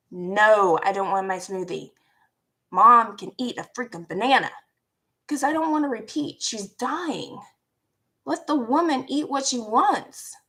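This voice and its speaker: A woman's voice: medium pitch, creaky, fairly bright tone. A young woman, telling a personal story in a candid, rambling way, with swearing and laughter. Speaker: vlogger.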